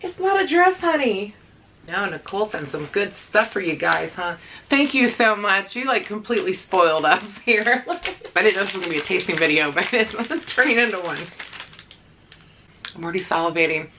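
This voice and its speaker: A woman's voice: mid-range voice, expressive, moderate pace, sharp tone, a little hiss or hum. A woman in her thirties talking casually to camera in a pet vlog, chatty and rambling, with fillers and small laughs. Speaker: pet vlogger.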